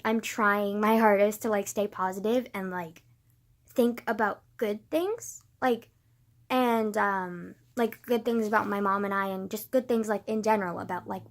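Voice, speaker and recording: A grieving woman with a medium-pitched voice records a casual confessional vlog. She rambles with many filler words, swinging from quiet, subdued talk to loud emotional bursts.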